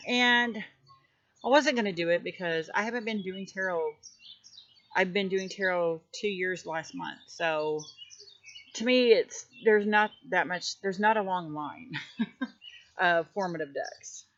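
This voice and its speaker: A woman's voice: lowish voice, slow pace, pauses often, a bit bright, slight background noise. A woman hosting her tarot channel, chatting casually outdoors near her house in a rambling way with many fillers. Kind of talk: casual vlog chat. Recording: dull lo-fi audio with faint birdsong.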